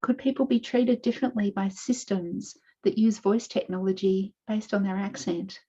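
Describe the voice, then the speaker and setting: Mellow-voiced Australian woman presenting. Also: mid-range voice, steady tone, slightly rough. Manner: measured, explanatory, walking through slides. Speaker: panelist presenting research. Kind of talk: online conference presentation. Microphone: video call. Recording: dull lo-fi video call audio.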